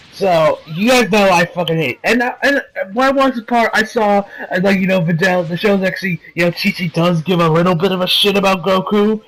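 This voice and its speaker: A man with a notably high-pitched voice talks through an anime episode in a loose, rambling review. He swears freely and leans on constant fillers like "you know" and "like". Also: fairly bright tone, low-quality recording. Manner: rambling, profane, many fillers.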